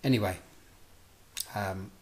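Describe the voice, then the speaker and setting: Slow and fairly low-pitched, a middle-aged man relates a story from his own life. He acts out each side of the dialogue with animation and keeps restarting as he goes.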